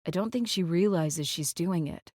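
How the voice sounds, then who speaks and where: Woman narrator, lowish voice, tense clipped first-person audiobook read, dry close mic. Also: moderate pace, a little mellow, no echo. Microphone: close studio mic.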